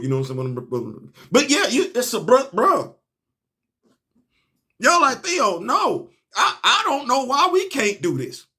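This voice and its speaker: A young man, excitedly reviewing a comic in a casual, slangy monologue, laughing and stumbling over restarts. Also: sits high, slight background noise.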